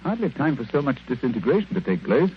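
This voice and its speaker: An actor playing a confident, dry-witted detective who speaks briskly and ironically, in 1940s radio acting style. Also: male voice, mid-range voice, sing-song, lightly acted. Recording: dull old radio recording, faint hiss.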